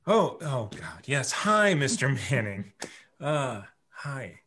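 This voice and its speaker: A man's voice: medium pitch, big pitch swings, slow, pushed and bright, slightly rough. Flustered man playing a tabletop game. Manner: flustered, apologetic in character. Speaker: player. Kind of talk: in-character tabletop play.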